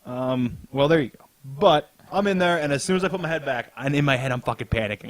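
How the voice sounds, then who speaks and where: A man's voice: mid-range voice, animated, fast talker, few pauses, dry recording. A young man hosting a podcast, telling a story in casual chat, swearing a lot and laughing as he goes. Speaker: podcast host.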